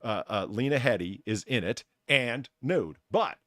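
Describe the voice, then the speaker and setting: A man's voice: mid-range voice, lively intonation, measured pace, sharp tone, no echo, studio quality, soft background music. A man hosting a podcast, rambling and cursing through crude comedic banter with lots of stammering restarts. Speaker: podcast host.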